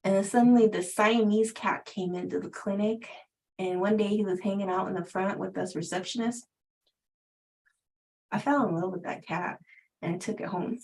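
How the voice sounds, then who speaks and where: A woman's voice: mid-range voice, fairly even intonation, moderate pace, a little mellow, poor audio. A middle-aged woman chats through a personal story on a livestream, in an easy, conversational way. She laughs often between sentences and speaks as a spiritual teacher sharing with her viewers.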